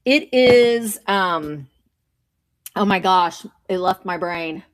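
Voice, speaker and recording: A woman's voice: on the low side, slow. A middle-aged woman hosting a casual live stream from home, rambling cheerfully as she greets viewers and shows vintage finds from her shelves. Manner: chatty, rambling, greets viewers while showing items.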